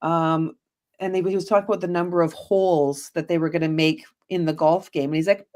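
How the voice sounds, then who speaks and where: Animated middle-aged woman co-hosting a chat. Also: lowish voice, a little fast. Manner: animated storytelling, acting out both sides of conversations. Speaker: co-host, psychic medium and energy healer. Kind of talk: casual podcast chat.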